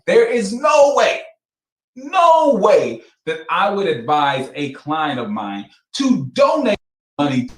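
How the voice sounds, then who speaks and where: A man working as a financial advisor, giving commentary on financial records, laughing often and sounding incredulous and emphatic. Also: on the high side. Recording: roomy echo.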